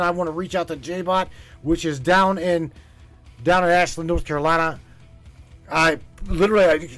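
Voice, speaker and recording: Urgent, high-voiced ranting male podcast host. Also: a bit bright. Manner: urgent, preachy, swears often, repeats himself. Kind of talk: impassioned livestream rant.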